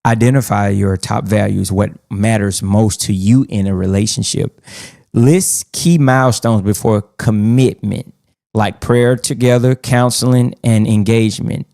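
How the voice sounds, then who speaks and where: Male co-host, relaxed joking delivery, gravelly edge, dry close sound. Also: fairly low pitch, unhurried, no room sound. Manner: casual, joking, hesitant with many fillers. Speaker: podcast co-host. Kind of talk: faith podcast conversation.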